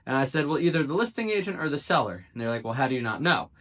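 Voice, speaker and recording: A man in an ordinary middle-register voice tells a personal story straight to his audience in a relaxed vlog style. He bounces between narration and acted-out quotes. He drops dry, sarcastic asides along the way. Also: medium pitch, rapid-fire. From South Jersey, United States. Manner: animated retelling, acting out quoted dialogue with dry asides. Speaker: real estate agent. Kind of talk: casual storytelling to camera.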